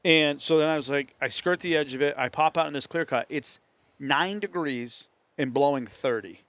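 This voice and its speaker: A man's voice: a little high, normal speed, fairly bright tone, dry recording. A man with a New England accent telling a hunting story in casual talk among friends, acting out the voices of others. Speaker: host. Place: hunting camp.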